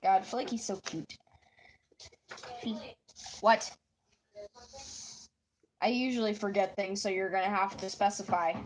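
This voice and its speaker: A woman chats with her live viewers in a slow, easygoing way while she draws. Her nose is stuffed up, and she giggles and pokes fun at herself. A faint hiss sits under her voice. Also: medium pitch. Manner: giggly and self-mocking. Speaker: artist streaming while drawing. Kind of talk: casual chat with live viewers.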